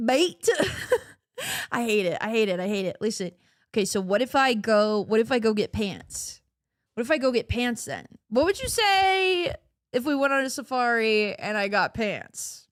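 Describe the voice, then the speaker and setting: A woman's voice: fairly high pitch, sing-song, a little slow, no room sound, clean studio sound. A woman chatting casually on a live stream, playful and giggly, laughing often, her voice cracking. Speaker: livestreamer.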